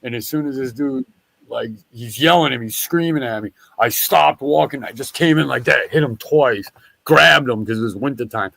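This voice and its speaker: A man's voice: mid-range voice, normal speed, gravelly, no echo. A man telling a long, rambling story with a lot of swearing. He often breaks off and starts his sentences again. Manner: rambling, profane, animated storytelling; restarts and backtracks often. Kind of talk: casual storytelling.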